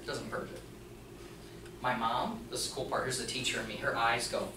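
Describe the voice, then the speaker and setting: A mechanics teacher giving an animated storytelling talk to an audience, acting out the other people in the story. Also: mid-range voice, normal speed, noisy background. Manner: animated, acts out the dialogue of others. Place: presentation room before an audience. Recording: echoey room, voice from a distance.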